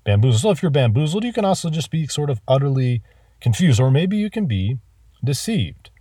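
Husky-voiced man teaching vocabulary. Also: mid-range voice, very animated, mellow, no echo, studio quality, recorded from a distance. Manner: enthusiastic, spells words out slowly. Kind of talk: vocabulary lesson.

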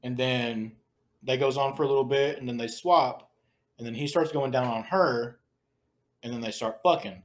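A man's voice: medium pitch, moderate pace. A man hosting a podcast, casually retelling a scene in a crude, laughing way. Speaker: podcast host.

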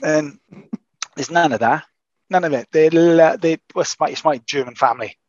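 A man's voice: a little high, normal speed, dry recording. A man talking through a slightly dull, lo-fi recording, emphatic and salty with his language. His voice sits dry and close, with no room sound around it. He is a martial arts instructor chatting casually on a podcast. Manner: emphatic, swears freely.

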